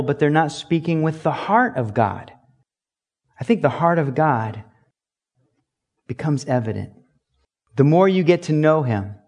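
A pastor giving a conversational sermon, repeating key phrases for emphasis. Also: male voice, on the high side, darkish tone.

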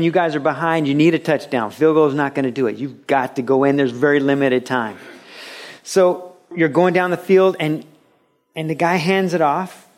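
Pastor, male, higher-pitched voice; earnest conversational sermon delivery that grows animated. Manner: earnest, builds to animated storytelling with sudden louder bursts. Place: church, broadcast on radio.

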